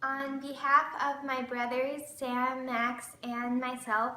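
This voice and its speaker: A woman with a higher voice speaks politely in a flat, even tone. Her words carry an echoey room sound. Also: slow, a little hiss or hum. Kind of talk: formal get-well message.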